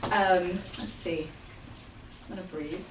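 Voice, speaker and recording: A woman's voice: on the low side, takes it slowly. A woman in her thirties, a mother and comedy student, trying out a stand-up set with hesitant ums and giggles. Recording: echoey room, far from mic, clear noise.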